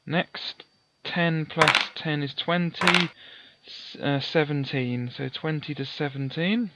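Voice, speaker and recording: A man playing through a gamebook, reading its passages aloud and calmly working out dice sums with mild self-deprecating asides. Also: on the high side, takes it slowly, background noise. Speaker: let's play host. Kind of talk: gamebook playthrough with read-aloud narration.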